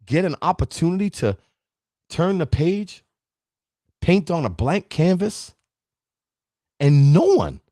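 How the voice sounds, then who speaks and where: A man's voice: fairly high pitch, darkish tone, husky, no echo, clean studio sound. A man, giving an emphatic, preachy motivational talk as a podcast host and speaking straight to his listeners. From Brooklyn, New York. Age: 50s.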